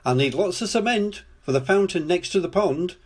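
An older man voicing a cheerful, friendly male builder in a children's storybook, brisk and encouraging. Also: sits high, animated, slightly rough, pitched above the performer's own voice.

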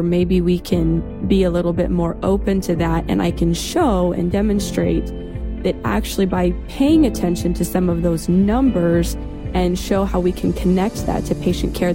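Gravelly-voiced woman explaining, music behind. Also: on the low side. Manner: earnest, explanatory. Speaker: podcast guest. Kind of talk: interview answer.

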